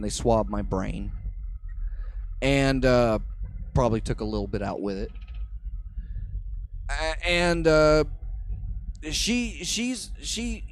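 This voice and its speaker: A man hosting a comedy podcast, telling a story in an animated way, swearing freely and acting out what people said. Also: medium pitch. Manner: animated, swears freely, acts out quotes loudly.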